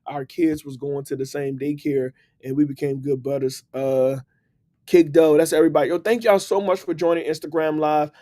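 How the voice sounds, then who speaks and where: A man hosting a casual motivational live stream, upbeat and slangy, giving shout-outs to his viewers. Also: on the high side, level tone, normal speed. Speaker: livestream host. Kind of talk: casual motivational livestream talk.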